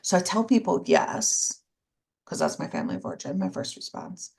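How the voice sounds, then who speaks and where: A woman's voice: low-pitched, huge pitch swings, moderate pace, gravelly, a little mellow. A woman co-hosting a podcast, speaking candidly about herself with self-deprecating humor and dry sarcasm in casual conversation. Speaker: podcast co-host. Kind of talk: casual chat.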